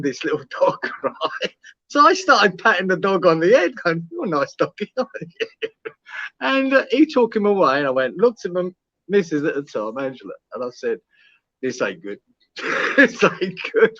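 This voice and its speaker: A man telling a long story in casual chat, animated, swearing often and laughing as he acts out the lines. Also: sits high, no echo. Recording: dry, dull lo-fi live stream audio.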